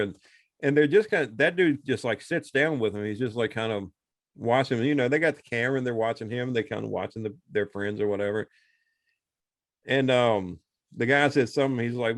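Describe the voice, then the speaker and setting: Medium-pitched and a little fast, a male podcast co-host casually rambles through a film retelling, animatedly delivering the characters' lines himself. The sound is clean studio quality with no echo.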